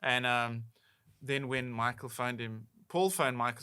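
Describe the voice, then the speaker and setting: A man's voice: mid-range voice, unhurried, sharp tone, smooth. A man co-hosting a podcast, chatting enthusiastically about music he loves. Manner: enthusiastic, gushing about songs. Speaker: podcast co-host. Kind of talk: casual chat.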